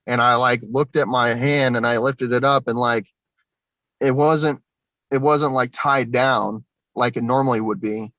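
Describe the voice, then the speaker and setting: Young man guest, loose rambling storyteller, mid-pitched, dry muffled line. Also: fairly even intonation, unhurried, a bit bright, no echo. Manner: rambling, many fillers and restarts. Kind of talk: recounting personal experiences.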